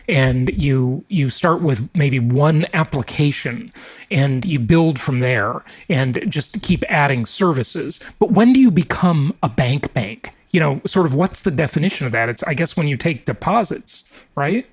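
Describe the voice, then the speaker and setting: A man with a fairly high voice hosts a podcast interview. He asks chatty questions and laughs easily. He is recorded close and dry. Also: slightly rough, no echo, low-quality recording. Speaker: podcast host.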